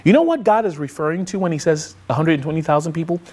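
Pastor, man, high lively voice, animated sermon delivery. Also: quick pace, breathy edge. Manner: animated preaching, acts out quoted voices. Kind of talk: sermon podcast.

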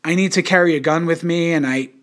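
Rambling, swearing young man, fairly high voice. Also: quick pace, fairly bright tone. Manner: rambling, profane, many fillers and restarts. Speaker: podcast host. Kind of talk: casual podcast chat.

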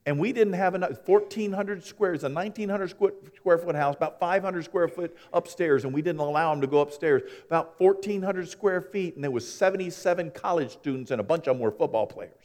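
A man preaching a sermon, telling folksy stories and swinging between hushed and loud, animated delivery. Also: on the high side, a little fast, hardly any pauses. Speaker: pastor. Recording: long hall reverb.

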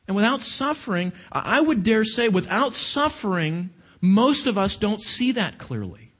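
A man's voice: sits high, very animated, measured pace, a bit bright. A man preaching a sermon, questioning his congregation and stressing his points. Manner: questioning the audience, emphatic.

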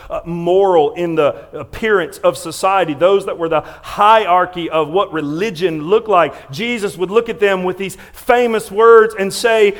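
A male pastor with a notably high voice preaches a sermon in a church sanctuary. He leans hard on key words and often stumbles over restarts. His volume rises for emphasis, then drops to near-hushed lines. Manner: swings between loud emphasis and quiet, hushed lines.

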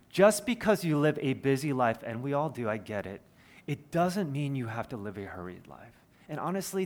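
Earnest pastor preaching conversationally. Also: male voice, mid-range voice. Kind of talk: sermon.

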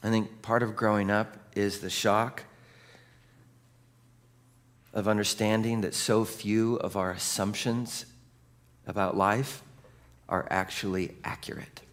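Unhurried and low-pitched, a male pastor preaches in a lively, conversational manner. Along the way he cracks jokes and invites responses from the congregation.

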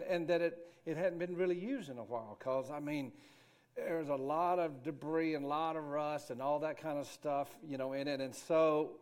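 A middle-aged man, a minister telling a homespun story in a rambling, folksy way with many restarts. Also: a little high.

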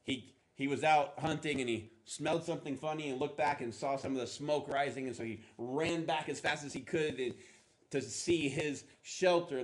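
A man preaching a sermon, telling a story with halting restarts and acting out the speakers with rising intensity. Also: mid-range voice. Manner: animated, acts out the lines with rising intensity; halting, repeats words while searching. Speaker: pastor.

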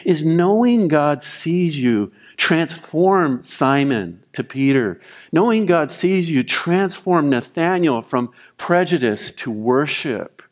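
A man preaching a sermon as pastor, retelling scripture and a personal story with animated storytelling. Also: a little high, slow pace. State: weeping, choked voice in retold prayer.

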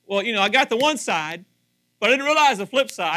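Animated, bright-voiced male pastor preaching. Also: high voice, brisk. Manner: animated, acts out dialogue, repeats phrases for emphasis. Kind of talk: sermon.

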